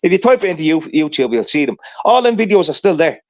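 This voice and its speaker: A man's voice: on the high side, very animated, quick pace, muffled recording. A man telling a rambling, profane story in casual livestream chat, peppering it with "right?".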